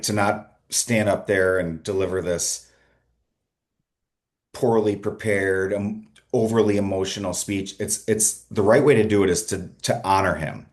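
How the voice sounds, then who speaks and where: A middle-aged man guesting on a podcast, telling his story in an earnest, energetic way, often restarting his sentences. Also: lowish voice. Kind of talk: conversational interview storytelling.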